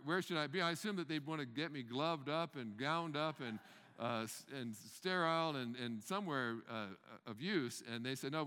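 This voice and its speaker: Animated older man telling a story in a hall. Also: a little high, clean tone. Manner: animated, acts out the panicked scenes loudly, stammers and repeats words. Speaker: speaker telling a personal story. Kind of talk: humorous storytelling talk.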